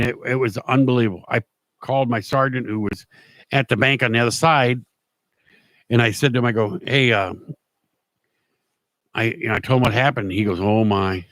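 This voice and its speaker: A middle-aged man spins a story in a loose, rambling way, often restarting his sentences. His voice sits at an ordinary middle pitch. It is recorded dry, with no room sound. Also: fairly even intonation, normal speed, long pauses, fairly bright tone, no echo. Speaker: show host. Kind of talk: casual storytelling monologue.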